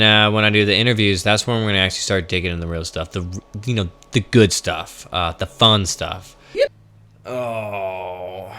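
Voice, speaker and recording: A young man telling a wild personal story in a loose, animated way, swearing and laughing at his own tale. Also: lowish voice, clean tone. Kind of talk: casual storytelling.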